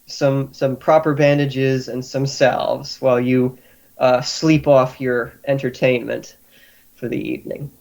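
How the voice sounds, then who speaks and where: A man's voice: mid-range voice, flat delivery, unhurried, gravelly, darkish tone. Laid-back guy gm-ing a tabletop game, lots of uhs. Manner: easygoing, filler-heavy. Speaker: game master.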